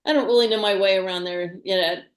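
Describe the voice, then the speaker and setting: A woman's voice: mid-range voice, a little fast. An older woman in a casual group chat, talking in a plain, matter-of-fact way. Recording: echoey room.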